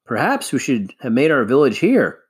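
A man's voice: mid-range voice, huge pitch swings, moderate pace, husky, exaggerated voice. Father, a man doing a musing dad.

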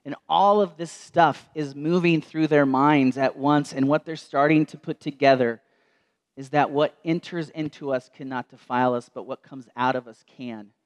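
A man preaching a sermon in a church, telling a story and dropping to slow, soft tones for quoted words. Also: a little high, steady tone, lo-fi sound.

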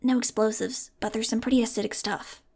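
High gravelly young boy, as a woman voices him. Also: steady tone, brisk, darkish tone. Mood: eager. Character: young boy, eager, tech-savvy. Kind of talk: audiobook character voice.

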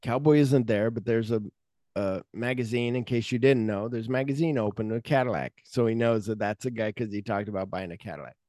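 A man's voice: fairly low pitch, a little fast, warm tone, dry recording, clean studio sound. A man hosting a casual movie podcast, retelling scenes with lots of profanity and acting out the characters' lines. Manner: profane, uses fillers like "like". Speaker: podcast host.

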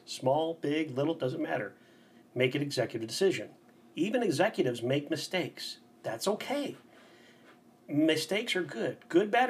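A man with a husky, slightly breathy voice chats on a casual podcast. He sounds upbeat and enthusiastic and talks in a motivational way. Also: mid-range voice. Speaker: bike tour guide, podcast guest.

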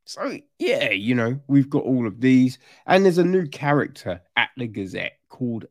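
A man's voice: mid-range voice, very animated, normal speed, no room sound, clean studio sound. A man casually reviewing a TV series, rambling with fillers and restarts and growing exasperated as he rants. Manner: grows exasperated and loud when ranting.

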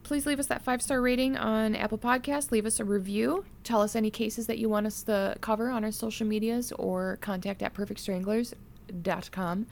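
A woman's voice: on the high side, fairly even intonation, brisk, creaky, a little mellow. A woman, co-hosting a true crime podcast in a casual, chatty way. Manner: chatty, laughs easily, mimics pronunciations. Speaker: podcast co-host telling a true crime case.

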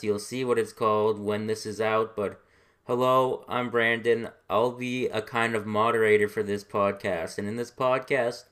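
Young man hosting a podcast, lowish voice. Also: fairly bright tone. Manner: loose and unscripted, restarts sentences. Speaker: podcast moderator.

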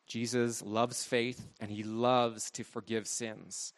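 A man's voice: mid-range voice, measured pace, few pauses, fairly bright tone. A man preaching a sermon, asking rhetorical questions and shifting his emphasis as he explains the text.

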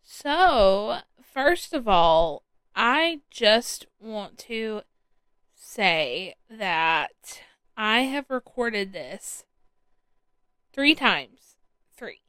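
A woman with a medium-pitched, sing-song, fairly bright voice talks very slowly; her tone is clean and the recording dry. Hosting her own podcast solo through headphones and a podcast mic, she chats casually and rambles, full of ums and restarts.

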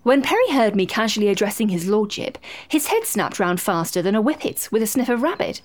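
Woman reading a story, wry and playful, lots of pitch movement. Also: fairly quick. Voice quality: wry, expressive. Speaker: narrator. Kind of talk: storybook narration.

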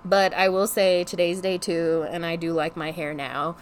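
A young woman telling a frustrated storytime vlog in casual chat, animated and exasperated, swearing freely and saying "like" constantly. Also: on the low side, normal speed, a little hiss or hum. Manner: heavy use of "like" as filler. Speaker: vlogger.

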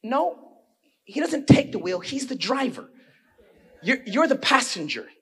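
Husky high-voiced male preacher. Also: big pitch swings, measured pace. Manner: swings from hushed storytelling to shouted preaching; talks straight to the congregation with rhetorical questions. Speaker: pastor. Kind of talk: sermon.

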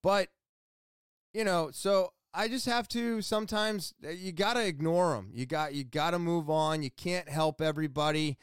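A man's voice: on the high side, moderate pace, clean tone, dry recording, clean studio sound. A young man telling everyday stories in a loose, profane, ranting monologue, with plenty of fillers and restarts. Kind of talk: casual monologue.

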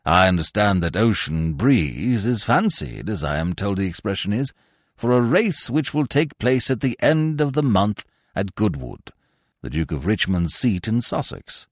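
Male narrator playing a stiff, self-important old lord, low and slow, over 60, dry booth sound. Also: big pitch swings, no echo, exaggerated voice. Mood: pompous. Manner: slow, ponderous, deep and measured. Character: pompous elderly male peer, stiff and formal.

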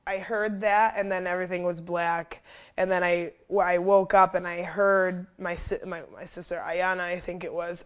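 A young adult woman with a lowish voice tells her story as an interview guest. She talks casually with plenty of fillers and bursts into loud, high quotes of herself. Her delivery stays animated and candid. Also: smooth. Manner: animated, lots of fillers, acts out quotes loudly. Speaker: fitness trainer and wellness coach, guest.

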